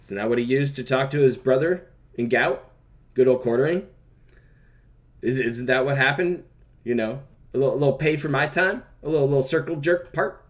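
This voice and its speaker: A man hosting a livestream, pausing a clip to mock its speaker with profane, taunting commentary. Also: medium pitch. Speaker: commentary streamer.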